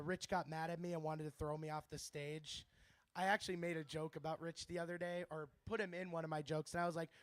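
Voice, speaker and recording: A young man with a high, smooth voice, riffing through a brash stand-up routine that rambles and swears freely. The sound is dry and close, with almost no room echo. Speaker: stand-up comedian. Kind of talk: stand-up comedy set. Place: bar open-mic stage.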